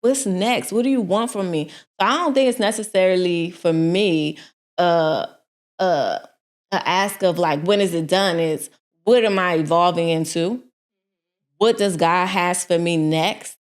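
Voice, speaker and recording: A woman co-hosting a casual podcast, talking in a reflective, relaxed way in short phrases. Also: fairly low pitch, unhurried. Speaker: podcast co-host.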